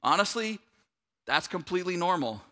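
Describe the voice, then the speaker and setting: A man's voice: sits high, normal speed. A man, a pastor giving a conversational sermon to a church audience, often checking in with "right?". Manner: conversational, animated, asks the room "right?".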